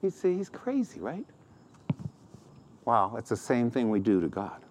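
Middle-aged guy preaching, lively swooping voice, acts out what people say. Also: mid-range voice, measured pace, a little hiss or hum. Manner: animated, acts out quoted complaints in a raised voice. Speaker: pastor. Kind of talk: sermon.

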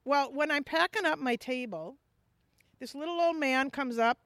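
High-voiced woman giving a lively testimony. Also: moderate pace, no room sound, clean studio sound. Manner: animated storytelling, acting out dialogue. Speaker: missions ministry leader. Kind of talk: personal testimony.

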